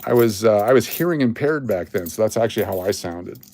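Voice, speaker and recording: A man's voice: fairly low pitch, animated, a little fast, darkish tone. A man hosting a coin roll hunting livestream, rambling, joking and answering his chat as he works. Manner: rambling, jokey, talks to chat.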